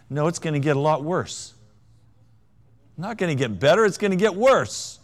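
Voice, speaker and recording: A man preaching a sermon, with a wry, self-mocking humor and dramatic swings between hushed and loud delivery. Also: a little high, sing-song, normal speed. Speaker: pastor.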